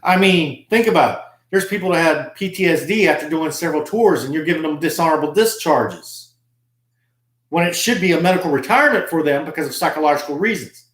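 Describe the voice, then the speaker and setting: A man's voice: fairly high pitch, lively intonation, brisk, fairly bright tone, roomy sound. A man who served in the army, telling a story in an aggrieved, emphatic monologue. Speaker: army veteran vlogger. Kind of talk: casual monologue.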